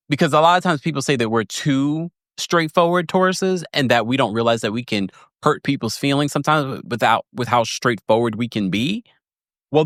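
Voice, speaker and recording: A podcast host gossips his way through a reality TV recap, his pitch bouncing animatedly as he laughs, acts out quotes and cuts himself off mid-thought. The audio is close and dry with no room echo.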